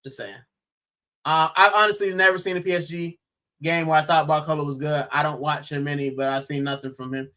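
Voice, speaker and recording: A man's voice: on the high side, fairly quick. A young American man on a football podcast, talking animatedly in casual chat and saying bro a lot. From United States. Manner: animated, exclaiming, says bro often. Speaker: podcast co-host.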